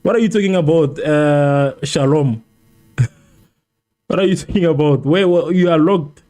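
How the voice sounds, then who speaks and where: A man hosts a live football watchalong, his voice sitting a little high yet soft and mellow in tone. He frets over the game, circles back to the same complaints again and again, and argues with viewers in the chat. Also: measured pace. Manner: exasperated, repeats himself, argues with chat. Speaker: livestream host. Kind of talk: live match watchalong reaction.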